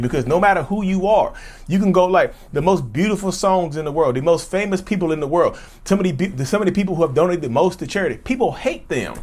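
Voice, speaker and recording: A man's voice: a little high, darkish tone. Earnest, blunt man speaking frankly. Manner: earnest and emphatic, repeats and restarts phrases. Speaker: YouTuber discussing his own narcissism. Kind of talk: unscripted personal monologue.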